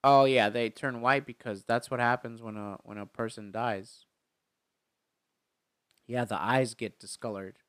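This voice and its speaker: A man's voice: medium pitch, fairly even intonation, unhurried, pauses often, fairly bright tone, no room sound, studio quality. A man casually retelling a film's plot in chat, rambling with plenty of fillers and restarts. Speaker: movie recap co-host.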